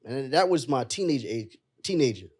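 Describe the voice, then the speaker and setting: A man's voice: medium pitch, animated, normal speed, darkish tone, husky. A young adult man, a podcast guest, telling a personal story in an emotional, earnest way and calling his friends bro. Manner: emotional and earnest, calls the listener bro often.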